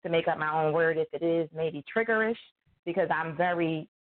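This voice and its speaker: Speaking briskly in a low voice, a guest author chats casually on a tinny, phone-like line. She tells animated stories, acts out what people said, and laughs a lot.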